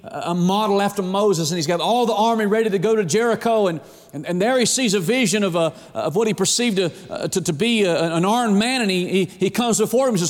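A middle-aged man preaching a sermon in an animated way, acting out the voices of God and of people. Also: sits high, fairly quick, long reverb tail.

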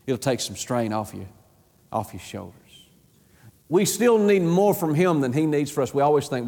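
A man preaching a sermon in an emphatic, repetitive way, his pitch climbing high and falling low. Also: animated, normal speed, a little mellow, long reverb tail. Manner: emphatic, repeats words, rises and drops sharply in pitch.

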